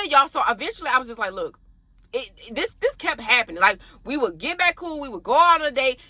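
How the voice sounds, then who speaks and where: A young adult woman chatting casually to her viewers, telling an animated storytime about her past. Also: high voice, dry recording. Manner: animated, talks straight to viewers.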